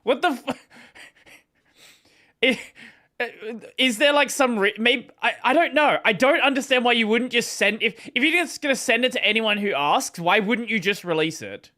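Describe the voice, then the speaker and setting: A man with a high, bright voice cuts in with wry, sarcastic remarks in a casual stream chat. He sounds a little off the mic. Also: normal speed.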